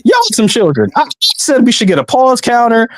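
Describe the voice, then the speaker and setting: A man co-hosting a wrestling podcast, ranting in exasperated, quick outbursts. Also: very high-pitched, wildly swooping pitch, no room sound. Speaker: podcast co-host. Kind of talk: casual podcast banter.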